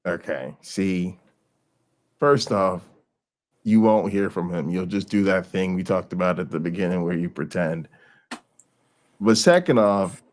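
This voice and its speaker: A man hosting a casual commentary show, talking in a mocking, animated way and often repeating himself. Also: on the low side, a little slow. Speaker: host.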